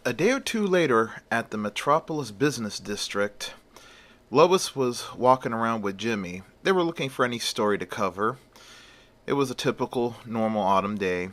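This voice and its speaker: Bright-voiced male storyteller. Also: mid-range voice, animated, normal speed. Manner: rambling, conversational narration. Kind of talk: casual story retelling.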